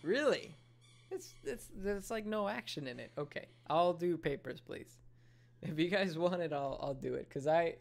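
A man casually commenting as a gaming streamer in an excitable, chatty way, reading and answering chat. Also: on the high side, normal speed, vocal fry. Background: loud music.

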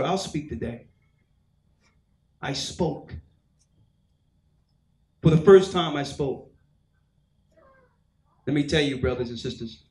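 A man with a high voice preaches a sermon, telling his own story and voicing the people in it. His voice rings through an echoey hall. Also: a little mellow. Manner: storytelling, acts out quoted voices. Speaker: church elder preaching. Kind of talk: sermon testimony.

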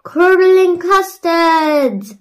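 A woman voicing an excited young boy. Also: measured pace. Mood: alarmed. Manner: high, loud exclamations.

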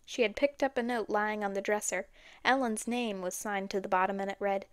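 A woman reading a storybook chapter aloud in a steady, even way. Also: mid-range voice, normal speed, dry recording, clean studio sound. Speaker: audiobook narrator. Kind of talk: storybook narration.

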